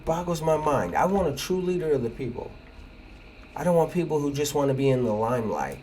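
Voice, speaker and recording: Male gamer host, rambling and opinionated, animated delivery over soft background ambience. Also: a little high, brisk, a little hiss or hum. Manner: rambling, opinionated, laughs at the game. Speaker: gaming video host. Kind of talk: casual gameplay commentary.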